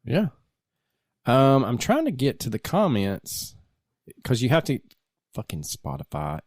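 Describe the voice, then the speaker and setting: A married man co-hosting a laid-back podcast, talking in loose, rambling bursts with a laugh slipping into his sentences. His voice sits at an ordinary pitch, and the recording is close and dry, with no room sound. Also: sing-song, measured pace, a little mellow, no room sound. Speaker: podcast co-host. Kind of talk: casual podcast banter.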